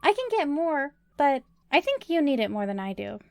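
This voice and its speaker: A woman's voice: high-pitched, sing-song, moderate pace, vocal fry, dry recording, clean studio sound, voice pushed up, full character voice. A woman voicing a caring, protective female adventurer who speaks earnestly and encourages a younger friend. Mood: encouraging.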